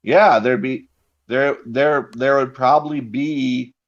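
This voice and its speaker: A man on a casual live stream who rambles, swears freely and builds out wild hypothetical scenarios with lots of fillers. His voice sits at an ordinary middle pitch and comes through dull, lo-fi audio. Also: steady tone, slow. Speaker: stream co-host.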